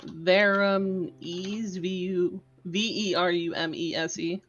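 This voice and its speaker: A woman's voice: on the low side, steady tone, slow. A woman playing a tabletop game, giggling as she narrates what her character does. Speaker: player. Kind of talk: tabletop role-play narration. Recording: dull, lo-fi audio.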